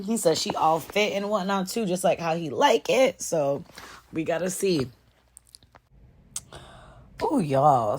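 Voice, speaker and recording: A woman chatting casually to her viewers as she recaps a reality show, lively and familiar, calling them y'all and girl. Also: sits low.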